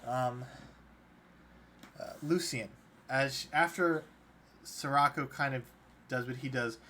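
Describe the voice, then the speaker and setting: A man runs a tabletop game as dungeon master, narrating loosely with lots of fillers and restarts. His medium-pitched voice is pushed and bright, and he speaks at a slow pace. Faint background noise can be heard.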